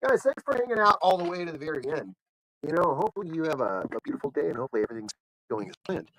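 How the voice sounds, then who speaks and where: Lively rambling man hosting a live show. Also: on the high side, rapid-fire, a little hiss or hum, low-quality recording. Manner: animated, acts out other people's lines in the stories; rambling, with frequent fillers and restarts. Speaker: livestream show host. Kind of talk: casual rambling storytelling.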